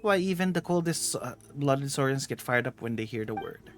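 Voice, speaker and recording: While streaming a game, a man reads aloud the lines of a vain, teasing, aging female treasure hunter. His medium-pitched voice is expressive and close to an everyday voice, at normal speed, with soft music in the background.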